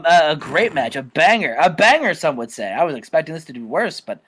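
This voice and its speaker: A young man casually narrating a wrestling booking game, rambling and animated. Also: fairly high pitch, fairly quick, breathy edge. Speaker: game show co-host.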